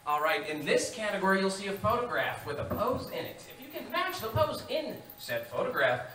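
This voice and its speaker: High-pitched, energetic man hosting a live game show. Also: a little fast. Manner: energetic showman, bursts of shouting. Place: live stage before an audience. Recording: echoey room from far off, loud crowd.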